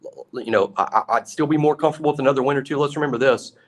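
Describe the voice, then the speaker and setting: A man co-hosting a sports talk show, talking in an animated, emphatic way with a lot of repetition. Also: mid-range voice, racing. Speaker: co-host.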